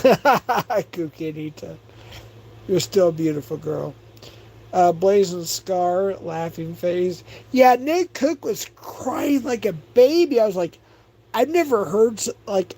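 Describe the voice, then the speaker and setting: Slow-talking rambling male streamer. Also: sits high, mellow, slight background noise, poor audio. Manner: rambling, profane, gossipy. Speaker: livestream host. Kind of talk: casual livestream chat, reading chat aloud.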